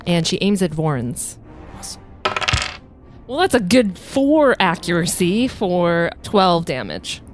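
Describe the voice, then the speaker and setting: A woman's voice: on the low side, very animated, slow pace, long pauses, noisy background. A woman playing a tabletop game, explaining her character's moves. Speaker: player.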